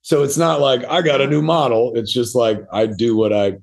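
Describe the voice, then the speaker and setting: A man's voice: mid-range voice, moderate pace, creaky. Profane, rambling middle-aged man. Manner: profane, rambling anecdotal delivery with many fillers; self-deprecating. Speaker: podcast guest. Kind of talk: casual storytelling interview.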